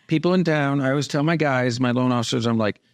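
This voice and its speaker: A man's voice: mid-range voice, fast, crowd noise. A man hosting a casual podcast interview, a mortgage business owner who tells stories by acting out both sides of his phone calls.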